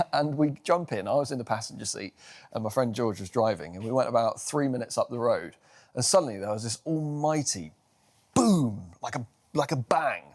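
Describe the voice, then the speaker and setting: A man's voice: mid-range voice, expressive, brisk. A man, hosting a casual car vlog outdoors and telling the story behind the vehicle in a chatty, enthusiastic way. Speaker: car vlogger.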